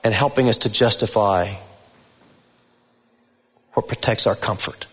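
Slow, deliberate male pastor preaching. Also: lowish voice, a bit bright. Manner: deliberate, emphatic preaching with rising stresses on key words. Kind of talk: sermon. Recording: long reverb of a large hall.

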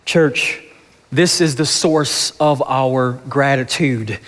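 A man's voice: medium pitch, takes it slowly, a bit bright. A man preaching a sermon as a pastor, with emphatic, rhythmic repetition, in a church sanctuary. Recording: long church reverb.

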